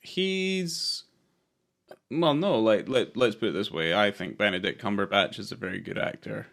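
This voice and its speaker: A man with a low, gravelly voice, talking casually on a podcast about a film he didn't enjoy. He rambles, restarts his sentences and swears freely as he goes. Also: moderate pace, a bit bright. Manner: rambling, self-interrupting, sweary. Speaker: podcast co-host. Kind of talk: casual film review chat.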